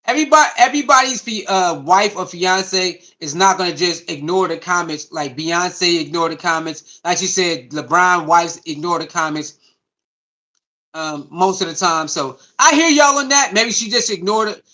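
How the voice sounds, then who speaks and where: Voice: medium pitch, normal speed, bright, forceful tone. A sports commentary host, reacting to clips and chat in a loose, repetitive way.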